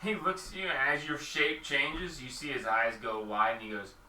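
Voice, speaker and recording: A man running a tabletop game as game master, animated and often laughing as he narrates the monsters. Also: mid-range voice, normal speed, a little hiss or hum.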